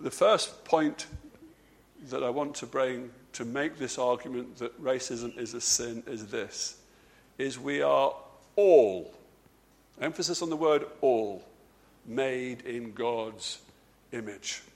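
A man preaching a sermon, stressing key words by slowing down and dropping his voice, with frequent repeated words and restarts. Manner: emphatic, slows and drops low on key words.

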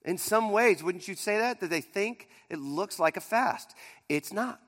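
A man with a high voice preaches a sermon in a church sanctuary. He drives some lines hard and drops others to a near hush. Long reverb hangs behind his words. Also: lively intonation, unhurried. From Pittsburgh area. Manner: dynamic preaching, swings from loud emphasis to near-quiet. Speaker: pastor.

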